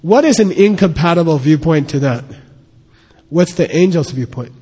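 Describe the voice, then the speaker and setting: A man's voice: a little high, expressive, normal speed, mellow, husky. A man teaching a Buddhist text, explaining terms patiently and checking in with his listeners often. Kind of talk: lecture on a scripture. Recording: long hall reverb.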